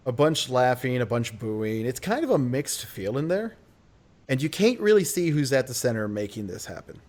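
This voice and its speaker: A man's voice: medium pitch, darkish tone. A man running a tabletop game as game master, narrating casually with fillers.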